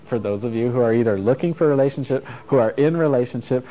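In a mid-range voice at a quick pace, this middle-aged workshop teacher talks a group through self-help material in a casual, frank, playful way, cursing and laughing softly along the way. The recording is dull and lo-fi, with faint music.

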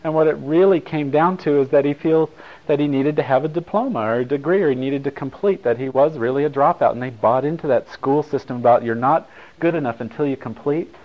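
A man's voice: fairly high pitch, fast. A man speaking to an audience at a talk, telling a story in a casual, wry, digressive way. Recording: slightly dull recording.

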